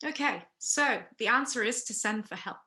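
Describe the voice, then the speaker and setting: A woman teaching a first aid workshop in a recorded lesson, explaining each step, pausing to ask questions, and checking in with frequent okays. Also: fairly high pitch, expressive, sharp tone.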